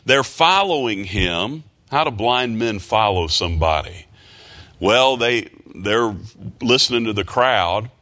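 Preacher man with a bright, forceful voice. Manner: rises to loud, high-pitched emphasis when preaching; reads scripture in old-fashioned wording. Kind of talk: prayer and sermon.

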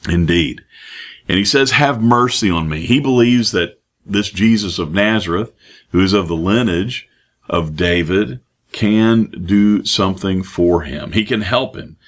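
Male preacher, very low voice, halting sermon delivery with fillers and restarts.

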